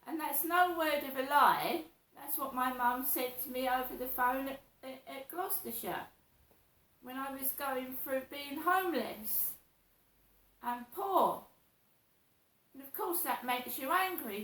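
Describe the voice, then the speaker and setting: Middle-aged woman venting on her vlog, slow and repetitive, higher voice, echoey room. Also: fairly bright tone. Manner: slow, repetitive, aggrieved storytelling. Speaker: vlogger. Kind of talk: personal monologue. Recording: roomy echo.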